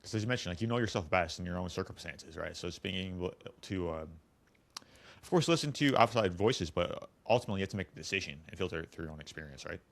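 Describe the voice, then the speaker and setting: A man's voice: low voice, expressive, fast talker, creaky. A man hosting a casual interview, agreeable and summing up his guest's points. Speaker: podcast host.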